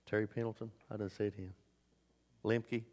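A man preaching a sermon as pastor, swinging between loud emphatic bursts and low asides. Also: flat delivery, moderate pace. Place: church sanctuary. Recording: long hall reverb.

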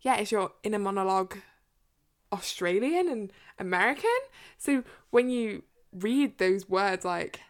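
A young English woman from England co-hosts a casual book podcast, speaking in an expressive, medium-pitched voice at an unhurried pace. She's chatty, uses lots of fillers, and laughs often.

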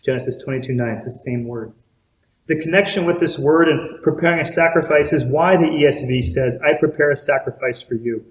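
A man's voice: on the high side, brisk. Earnest preacher man in a roomy space. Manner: earnest preaching with direct questions to listeners. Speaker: pastor. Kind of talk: sermon. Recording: roomy echo.

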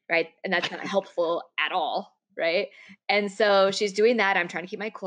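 A woman's voice: lowish voice, steady tone, a little fast, fairly bright tone. A woman co-hosting a podcast, chatting casually, laughing often and retelling stories with animation. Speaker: podcast co-host. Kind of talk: casual chat.

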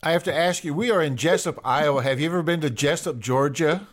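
Older male co-host, relaxed and chatty, casual hometown podcast talk. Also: a little high, fairly quick. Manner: easygoing, chatty, many uh fillers. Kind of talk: casual local podcast chat.

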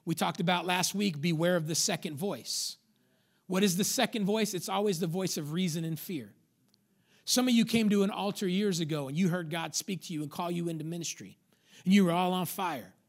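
A man's voice: high-pitched, a little fast. A male pastor preaching a sermon with emphatic repetition, sometimes acting out an inner voice. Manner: emphatic preaching, repeats lines for stress, acts out inner voices.

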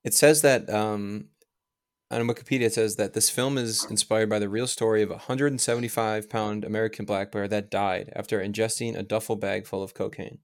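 A man guesting on a podcast in casual chat, relaxed and dry, mostly giving short answers. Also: lowish voice, fairly quick.

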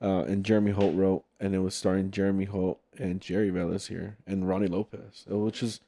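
A man's voice: sits low, brisk, a little hiss or hum. A young man hosting a podcast in casual chat, telling stories with energy and acting out quotes. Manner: animated storytelling, acts out quotes loudly. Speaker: podcast host and film director.

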